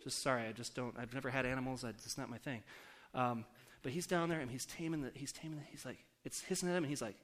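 A man's voice: mid-range voice, fast, hardly any pauses, fairly bright tone. A pastor preaching a casual, story-driven sermon to his congregation, often asking the audience questions. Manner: conversational, asks the audience questions.

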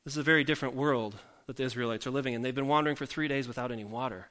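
A man's voice: medium pitch, racing, a bit bright. A male pastor giving a conversational sermon, full of self-deprecating jokes and rhetorical questions to the congregation. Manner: joking, self-deprecating asides.

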